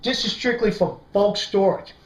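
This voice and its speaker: A man's voice: high voice, normal speed. A man with a New York accent hosting a casual how-to vlog, chatty and constantly asking "right?". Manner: chatty, says "right?" constantly, animated storyteller. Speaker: prepping video host. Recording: echoey room, faint noise.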